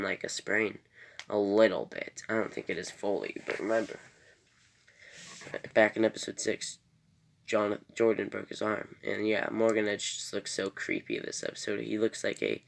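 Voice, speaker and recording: A man gives a loose, casual review of a TV episode, his low voice edged with vocal fry. He talks in a rambling way, stopping to correct himself and filling gaps with "uh" and "um.". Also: fairly bright tone. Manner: rambling, many fillers and self-corrections.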